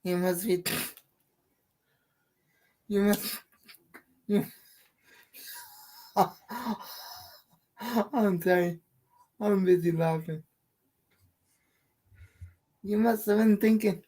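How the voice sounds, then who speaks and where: A woman's voice: medium pitch, steady tone, extremely slow, pauses often, warm tone. A woman co-hosting a casual live stream, blunt and sweary, who laughs often.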